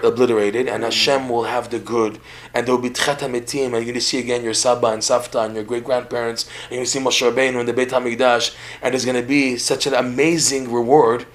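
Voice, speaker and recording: Animated man teaching on a podcast. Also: mid-range voice. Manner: animated, repeats words, laughs while telling stories. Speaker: religious teacher. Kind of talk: podcast lecture in conversation.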